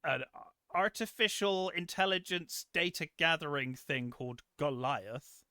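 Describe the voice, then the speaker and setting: A man's voice: fairly high pitch, a little slow, sharp tone, clear, resonant tone, dry recording, studio quality. A man co-hosting a film review podcast, rambling and sarcastic, swearing freely in casual chat. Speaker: podcast co-host.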